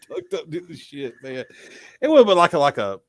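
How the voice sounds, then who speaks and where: A man's voice: fairly high pitch, huge pitch swings, measured pace, no room sound. A young adult man telling a story in casual, profane podcast chat. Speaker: podcast host.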